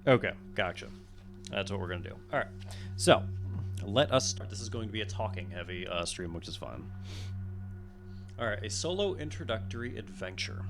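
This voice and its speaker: A man streaming, who reads a solo tabletop adventure aloud and breaks off for relaxed, chatty asides with the odd curse word, on a condenser mic. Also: lowish voice, normal speed, pauses often, over music. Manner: relaxed, chatty, drops curse words between read passages.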